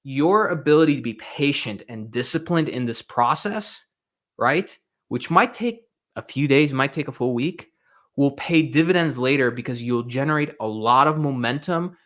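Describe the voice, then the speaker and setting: A man's voice: medium pitch, animated, moderate pace, a bit bright. Guy coaching sales reps, casual and emphatic, keeps saying right? okay?, walks around the room acting stuff out. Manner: emphatic, demonstrates with role-play, frequent "right?" and "okay?". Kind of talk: casual instructional talk.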